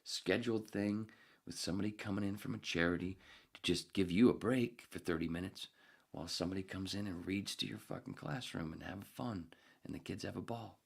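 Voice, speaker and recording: A podcast host telling a rambling, swear-filled story about reading to a class, breaking into squeaky voices for the kids' reactions. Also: male voice, a little fast. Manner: gravelly, swears often, jumps into squeaky voices when quoting. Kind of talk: casual profane storytelling.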